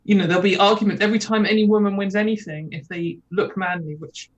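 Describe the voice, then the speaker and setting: A British woman joins over a video call as a guest. She talks in a loose, rambling way, wry and full of fillers, with a voice of middling pitch. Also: fairly even intonation, fast, muffled recording. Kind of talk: casual chat.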